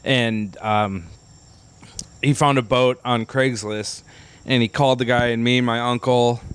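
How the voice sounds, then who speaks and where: A man's voice: mid-range voice, steady tone, measured pace, smooth. A young man co-hosting a podcast, telling crude, profane stories in casual chat. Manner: profane, laughing storyteller. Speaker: podcast co-host.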